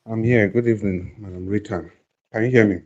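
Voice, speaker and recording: Man, low and mellow voice, polite caller heard over a dull, muffled line. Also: fairly even intonation, fairly quick. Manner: polite, greets host. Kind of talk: live audio room discussion.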